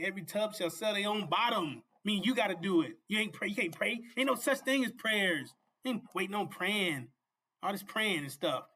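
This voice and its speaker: A man's voice: high voice, slight background noise. A man hosting a show and giving a fervent, informal sermon, repeating himself and often asking his listeners if they see. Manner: fervent, repetitive, often asks "You see?"; laughs and shouts at peaks. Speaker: preacher and show host.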